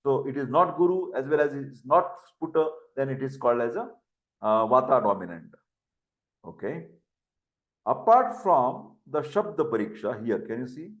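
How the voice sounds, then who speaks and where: A man's voice: medium pitch, big pitch swings, moderate pace. An older man with an Indian English accent, giving a lecture, who repeats terms and spells words out for dictation. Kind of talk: classroom lecture. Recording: echoey room.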